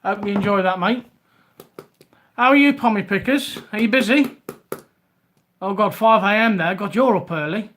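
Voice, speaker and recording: High-voiced Scouse man chatting on a live stream. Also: moderate pace, pauses often, a bit bright, a little hiss or hum. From Liverpool, England. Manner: chatty, rambling, greets viewers by name. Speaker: reseller livestream host. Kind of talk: casual live-stream chat.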